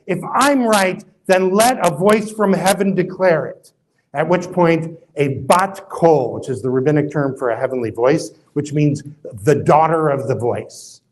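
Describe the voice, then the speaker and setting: A middle-aged man, a rabbi, telling stories in a casual, animated lecture and acting out the quoted voices. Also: low-quality recording. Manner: animated, acts out quoted voices with rising pitch; conversational, many fillers and asides. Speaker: rabbi giving an interfaith talk.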